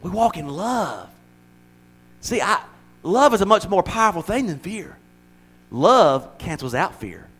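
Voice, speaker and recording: A man preaching a sermon to his church, animated, acting out little voices and laughing as he goes. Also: high voice, unhurried, pauses often, slightly rough. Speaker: pastor.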